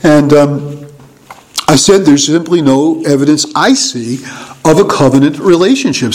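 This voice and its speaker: A middle-aged man teaching in a conversational sermon, musing and halting with small chuckles. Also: fairly high pitch, poor audio. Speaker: preacher.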